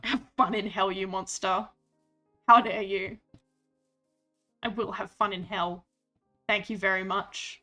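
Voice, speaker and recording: Woman, game streamer, bright voice, slightly high, playful chatter. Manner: playful, chatty, reads chat aloud. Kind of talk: casual gaming stream chat.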